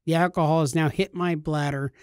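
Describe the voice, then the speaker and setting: Animated storytelling man, fairly high voice. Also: brisk, clean tone, dry recording, studio quality. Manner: animated, jumps to high shouty voices when quoting people. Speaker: podcast co-host. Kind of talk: casual comedic storytelling.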